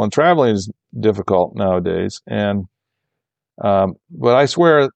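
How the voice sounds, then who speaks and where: A man with a low, gravelly voice tells a long travel story in a relaxed interview, full of restarts and asides. He brightens whenever he quotes the people he met. The sound is dry and close. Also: no echo, muffled recording. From Michigan, USA. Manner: rambling, animated when quoting others. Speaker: golf course architect guest.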